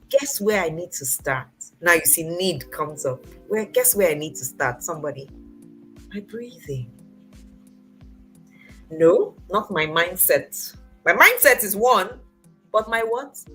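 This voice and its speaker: A woman in her forties hosting a motivational talk, engaging her audience with questions she answers herself, swinging between loud emphatic bursts and soft near-whispers. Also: medium pitch, low-quality recording. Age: 40s. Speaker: host.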